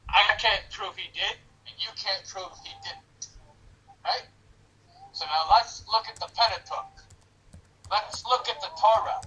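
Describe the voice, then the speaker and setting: A man's voice: high-pitched, sharp tone, far from the mic, poor audio. Drunk, preachy Canadian man ranting. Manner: preachy, rambling, repeats himself for emphasis. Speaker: stranger on a video chat. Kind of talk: rambling monologue to a stranger. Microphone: webcam mic.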